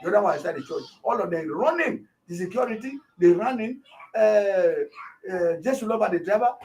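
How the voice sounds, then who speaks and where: A man, a pastor, retelling a shooting and acting out the shouts of the people around him. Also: high-pitched, a little fast, distant mic, slight background noise. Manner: animated, acts out shouts of others. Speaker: pastor, interview guest.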